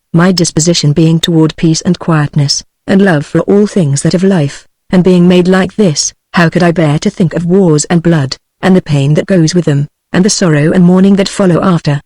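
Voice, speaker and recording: A synthetic voice reading a gentle young warrior maiden. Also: medium pitch, no room sound, close to an everyday voice. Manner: plain synthetic reading, no voice change. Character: young peasant woman turned gentle warrior.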